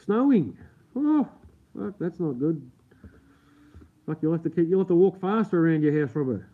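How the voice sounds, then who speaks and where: A man's voice: a little high, very animated, moderate pace. A man with an Australian accent chatting casually with viewers during a live stream, swearing freely, laughing often, and keeping his voice down late at night at home. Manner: keeps his voice down. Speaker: livestream host. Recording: tinny phone-like sound.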